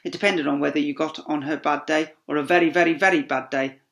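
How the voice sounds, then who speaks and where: A man's voice: fairly high pitch, fairly even intonation, fast talker, fairly bright tone. A man, a teacher reading a children's story aloud, with playful asides to young listeners. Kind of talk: expressive storybook read-aloud.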